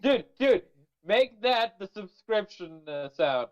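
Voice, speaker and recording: Male co-host, lively pitch, joking and excitable, casual podcast chat. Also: slow, muffled recording.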